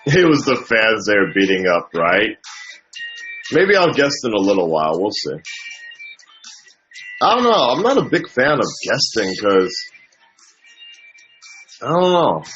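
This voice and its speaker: A man's voice: fairly low pitch, big pitch swings, a little slow, long pauses, a bit bright. A man hosting a live Q&A stream, chatting casually, reading out viewer questions and swearing freely as he trails off in thought. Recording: dull lo-fi stream audio with faint background music.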